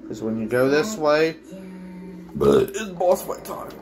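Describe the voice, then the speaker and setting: A woman giving let's-play commentary, excitable, swinging from low mutters to shrieks and screams. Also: a little slow, over music. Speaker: gamer.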